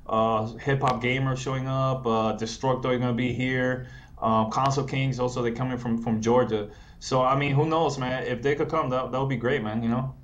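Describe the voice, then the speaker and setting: A man's voice: mid-range voice, steady tone, moderate pace, dull audio, a little hiss or hum. Man, guest on video call, casual, repeats words, mid voice. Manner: laid-back, repeats words, says man a lot. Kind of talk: casual interview.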